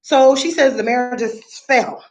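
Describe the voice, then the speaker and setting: A woman's voice: on the high side, unhurried, lo-fi sound. A woman in her thirties, a mother on a casual livestream, venting in a profane, rambling, exasperated way. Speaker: livestreaming parent. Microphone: phone or webcam, livestream.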